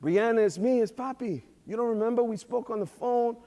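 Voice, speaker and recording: A man voicing a tender father who talks softly and coaxingly to his young daughter. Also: extremely high pitch, a little fast. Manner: soft, coaxing. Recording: echoey hall reverb.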